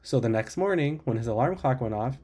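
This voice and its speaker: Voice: medium pitch, animated, brisk, a little mellow. Co-host, mid-range voice, casual storyteller who laughs along. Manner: laid-back, laughs at own stories. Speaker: podcast co-host.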